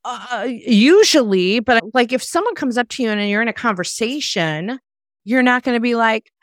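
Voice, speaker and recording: A woman's voice: a little high, moderate pace, no echo, clean studio sound. A middle-aged woman hosting a podcast, chatting casually and acting out the voices of people in her stories. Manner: animated storyteller, acts out quoted voices. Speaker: podcast host. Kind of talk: casual chat.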